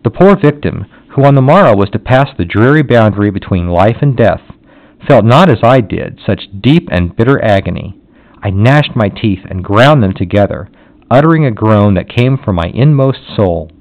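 A man narrating a classic novel in a solemn, measured way. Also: lowish voice, lively intonation, darkish tone. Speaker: audiobook narrator. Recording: dull lo-fi audio.

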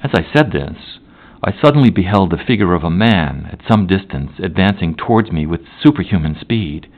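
A man narrating a classic novel as an audiobook, in a measured, formal, unhurried manner. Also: sits low, expressive, narrow, tinny audio.

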